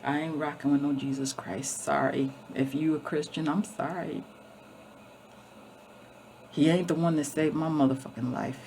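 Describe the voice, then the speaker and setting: Gravelly, foul-mouthed woman vlogger. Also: deep voice, darkish tone, slight background noise. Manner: profane, emphatic, blunt; repeats and restarts often. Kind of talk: casual storytelling.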